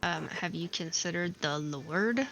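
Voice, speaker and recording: A woman streamer playing a game, reading every character's lines aloud in her own voice and adding quick casual asides. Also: fairly low pitch, vocal fry, background noise. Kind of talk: let's play, reading game dialogue aloud.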